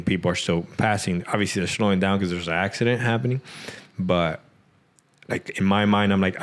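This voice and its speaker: Male podcast guest, low voice, loose rambling storyteller, lots of fillers. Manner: rambling, many "like" fillers, acts out quotes. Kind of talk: casual storytelling.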